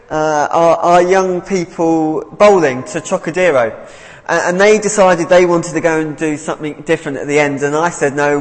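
Male preacher, earnest and unhurried, with a bouncy, animated delivery. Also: high voice, in a large hall, low-quality recording. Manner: earnest, repeats words as he goes. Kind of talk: sermon.

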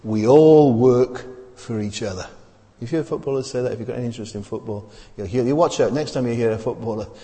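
A man preaching a sermon in a conversational way, pausing often with fillers and restarts. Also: mid-range voice, a little mellow. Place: church. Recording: long reverb of a church hall.

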